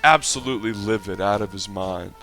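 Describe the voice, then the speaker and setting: A man doing mock play-by-play commentary over a game clip and ranting in a profane, exasperated way, sometimes breaking into shouts of excitement. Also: on the low side, fairly quick, soft background music. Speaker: online video commentator.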